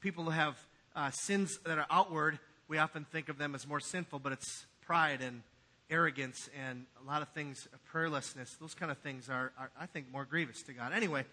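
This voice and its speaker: Bright-voiced pastor preaching. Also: male voice, on the high side, moderate pace. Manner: animated, swings from quiet asides to loud emphatic preaching. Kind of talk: sermon. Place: church sanctuary.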